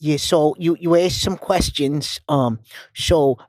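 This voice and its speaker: A man's voice: a little high, slow, a little mellow, no room sound, studio quality. Man doing a flustered stammering caller. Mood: overexcited. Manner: stammering, repeating words, flustered. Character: nervous stammering middle-aged male accountant caller. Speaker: voicemail caller.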